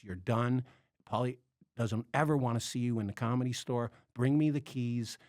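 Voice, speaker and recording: A man from the Chicago area, a podcast guest, telling a story in casual chat. He is animated, acts out the voices of the people he quotes and swears freely. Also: medium pitch, a little fast, dry recording, clean studio sound. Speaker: podcast guest, comedy club bartender.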